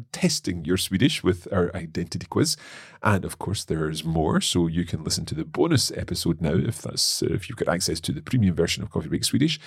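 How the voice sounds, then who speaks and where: This is a man hosting a language lesson podcast. His voice sits low with a husky edge, yet his pitch moves about a great deal. He sounds out new phrases slowly, with small hesitations, and the recording is close and dry. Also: no echo. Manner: working slowly through foreign phrases, hesitant fillers. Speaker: podcast host and learner.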